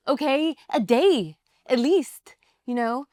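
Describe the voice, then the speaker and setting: Chatty woman with a smooth voice. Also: mid-range voice, normal speed, no room sound, studio quality. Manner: animated, chatty, laughs easily. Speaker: actress, interview guest. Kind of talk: casual interview chat.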